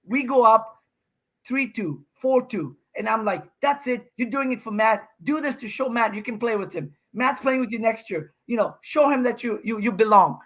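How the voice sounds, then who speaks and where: A man, a pro pickleball player and podcast guest, excitedly telling a match story and acting out what people said. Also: extremely high pitch. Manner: excitable, fast-talking, acts out quotes.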